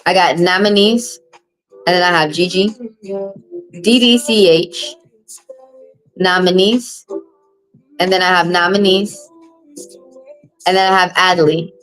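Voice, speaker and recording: A woman's voice: fairly low pitch, fairly even intonation, slow pace, pauses often, fairly bright tone, soft background music, low-quality recording. Blunt, preachy woman streaming live. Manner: blunt, preachy and profane, repeating phrases for emphasis. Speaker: tarot reader hosting a live stream. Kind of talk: casual live-stream monologue.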